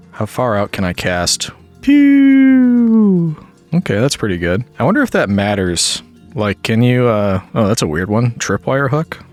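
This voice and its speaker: A man with a fairly low voice talks through his gameplay in a relaxed, chatty way. He thinks aloud as he goes, in an easygoing, conversational manner. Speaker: gaming YouTuber. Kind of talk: casual gameplay commentary.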